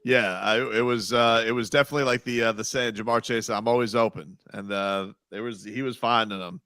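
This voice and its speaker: A man's voice: lowish voice, fairly even intonation, brisk, bright, forceful tone, clear, resonant tone, no echo, clean studio sound. A man hosting sports talk radio, chatting casually and reading headlines, often stopping and restarting his sentences. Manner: rambling, self-interrupting, reads ad lines.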